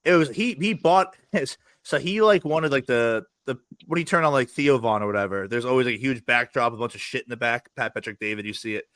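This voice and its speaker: A man's medium-pitched voice, fairly bright and free of echo, carries his quick, profanity-laced stories as a podcast guest. The chat is casual, and he laughs frequently as he goes.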